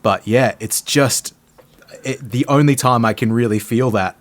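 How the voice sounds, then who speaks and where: A man's voice: medium pitch, a little slow. A man co-hosting a gear podcast in casual chat, rambling and easygoing about gigging. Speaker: podcast co-host, gigging guitarist.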